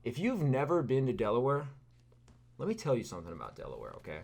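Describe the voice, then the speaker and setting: A man's voice: medium pitch, very animated, fast talker, gravelly, a little mellow. A man in his thirties from California, telling a rambling, sarcastic story full of fillers and asides over gameplay. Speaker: gaming video creator.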